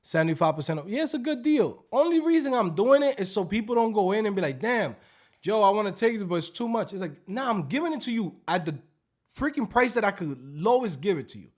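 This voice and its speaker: A man hosting a casual livestream, joking loudly and profanely and acting out scam calls. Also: high voice, sing-song, quick pace. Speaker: livestream host.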